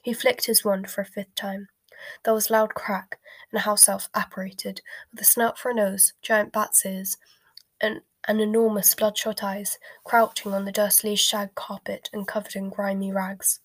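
A woman narrating a storybook in a soft, hushed whispered role-play reading. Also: medium pitch, little pitch movement, moderate pace, no room sound.

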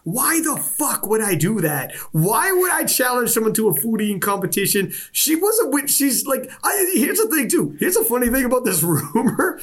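A man chatting on a sports podcast, his delivery lively and full of big pitch swings. His voice has a husky edge, and he swears freely while acting out what other people said. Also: normal speed, hardly any pauses. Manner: animated storytelling with profanity and voiced quotes. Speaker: podcast co-host. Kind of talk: casual sports podcast chat.

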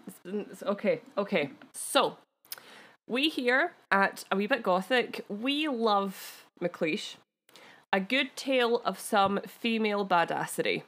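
A woman's voice: mid-range voice, animated, takes it slowly, fairly bright tone. A Scottish woman co-hosting a podcast, chatting casually and telling a history story with giggly, self-deprecating asides. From Scotland. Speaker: podcast co-host.

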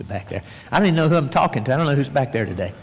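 A man's voice: mid-range voice, rapid-fire, husky. Male preacher in a reverberant hall. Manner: folksy storytelling, swings between animated and hushed. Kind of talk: sermon. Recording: long reverb, large hall.

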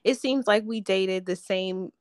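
A woman's voice: mid-range voice, measured pace, no echo. Brief: woman co-host, decisive and frank, close dry recording. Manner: blunt, decisive advice. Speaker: podcast co-host. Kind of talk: casual chat.

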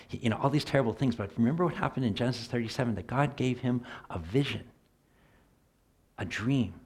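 A middle-aged man preaching a sermon in an earnest voice, swinging from loud emphasis to soft near-whispered asides. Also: fairly low pitch, quick pace, husky.

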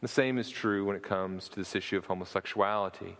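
A man's voice: low-pitched, fairly even intonation, fairly quick, a bit bright, long reverb tail. A man preaching a sermon in an earnest, argumentative way, often restarting and repeating words as he builds his point.

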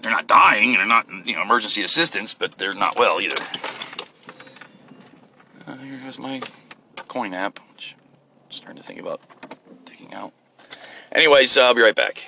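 A man's voice: fairly low pitch, animated, normal speed, creaky, pauses often, bright, forceful tone, slight background noise. A man hosting his own podcast, rambling casually and profanely while driving to work. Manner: rambling, profane, self-deprecating. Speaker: podcast host. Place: in a vehicle.

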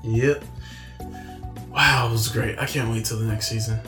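A man chatting casually about anime, mostly adding short, agreeable replies in a mid-pitched voice. The room around him is roomy and echoey. Faint music sits behind. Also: fairly even intonation, normal speed.

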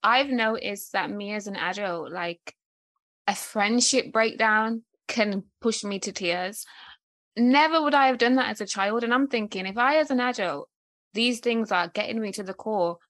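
A woman's voice: mid-range voice, normal speed, a bit bright, dry recording. A woman hosting a podcast, talking reflectively and personally in casual conversation. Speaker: podcast host.

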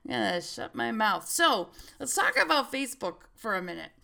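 A woman's voice: mid-range voice, sing-song, moderate pace, vocal fry, bright, forceful tone. A middle-aged woman hosting a podcast, telling stories in a chatty way and laughing often. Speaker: podcast host. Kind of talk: casual chat.

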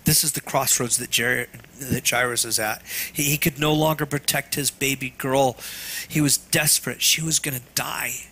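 A man preaching a sermon in an earnest, tender way, sometimes dropping to a hush. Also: mid-range voice, fairly even intonation, moderate pace. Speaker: pastor.

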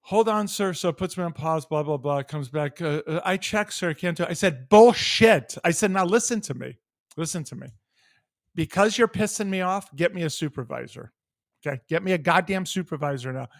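A man from the United States co-hosts a podcast, telling a heated, profane story in a brisk, somewhat high voice. He's animated and acts out both sides of a phone call in this casual storytelling rant. The studio sound is clean, with no room noise.

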